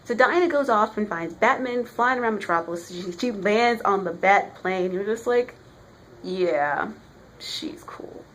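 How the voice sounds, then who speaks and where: A woman's voice: mid-range voice, normal speed, few pauses, a bit bright, a little hiss or hum. A woman giving a casual, chatty vlog review of a comic book, talking with emphasis.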